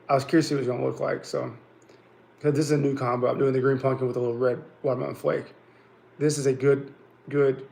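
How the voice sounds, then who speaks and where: A chatty man talks through his fishing tips in a relaxed, folksy way, often calling his viewers guys and y'all. His voice has a gravelly edge, and the sound carries an echo of the room around him. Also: medium pitch. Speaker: fishing channel host. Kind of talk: casual fishing tips livestream. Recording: echoey room.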